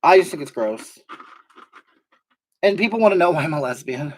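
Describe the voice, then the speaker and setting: Playing a brash streamer who gossips, rambles and gets worked up over the chat she reads aloud, this performer uses a mid-range, animated voice at a moderate pace. The acting is light, and the comedy livestream mood stays rambling.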